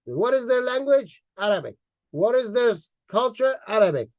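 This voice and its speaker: Man, high-pitched, angry ranting commentary, mocking and insulting, dry close sound. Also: expressive, moderate pace, no room sound, dull audio. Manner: repeats words for emphasis. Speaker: online commentator. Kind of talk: heated monologue.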